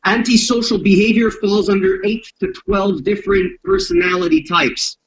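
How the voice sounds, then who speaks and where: A man's voice: very high voice, sing-song, normal speed, vocal fry, slight background noise. A man speaking as a self-defense instructor in an interview, blunt and profane, acting out street confrontations as he explains violence. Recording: dull lo-fi audio.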